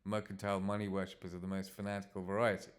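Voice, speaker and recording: Smug space talk show host guy, done by a man, breezy and pushy, low voice. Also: flat delivery, very fast, close to an everyday voice. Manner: breezy, self-assured, pushy.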